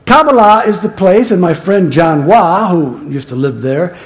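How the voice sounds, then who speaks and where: A man's voice: high voice, lively intonation, measured pace. A male pastor preaching a sermon in a conversational storytelling manner that turns emphatic.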